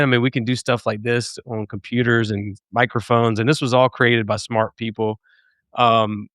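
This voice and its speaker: Smooth-voiced man, dry and emphatic. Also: mid-range voice, a bit bright, dry recording. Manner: emphatic, scornful, repeats phrases for stress. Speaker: podcast guest. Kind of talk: casual conversation on a podcast.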